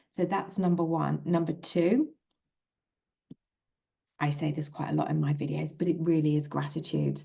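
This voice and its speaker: A woman giving a calm, gentle self-help talk as a manifestation coach, repeating soothing, encouraging phrases. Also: deep voice, moderate pace, vocal fry.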